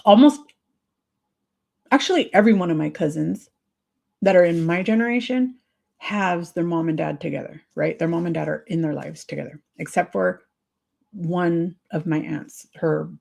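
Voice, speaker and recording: Husky, gravelly woman confiding. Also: lowish voice, normal speed, a little mellow. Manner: confiding and emotional, sympathetic. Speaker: livestream host. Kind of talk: livestream chat with viewers.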